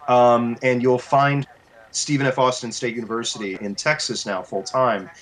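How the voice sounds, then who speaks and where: A voice actor and coach giving advice as an interview guest, animated and explanatory, restarting his sentences often. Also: mid-range voice, moderate pace.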